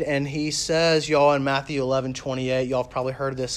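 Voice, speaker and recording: A man preaching a sermon as a pastor, talking casually with lots of "like" and "you know", and reading scripture slowly and softly. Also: mid-range voice, monotone. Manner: conversational, with fillers like "like" and "you know".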